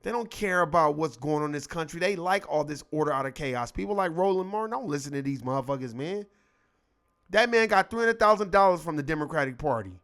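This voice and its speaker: A man with a notably high voice delivers a heated, profane political rant on his own show. He mocks the people he talks about by acting out their lines in quick asides. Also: expressive, fairly bright tone. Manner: profane, heated, mocking, acts out quotes. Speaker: show host.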